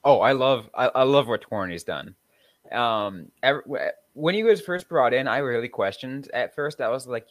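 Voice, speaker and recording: A man in his twenties co-hosting a sports podcast, talking in an excitable, rambling way and tripping over his words. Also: medium pitch, moderate pace, no room sound. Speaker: podcast co-host. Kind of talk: casual sports podcast chat.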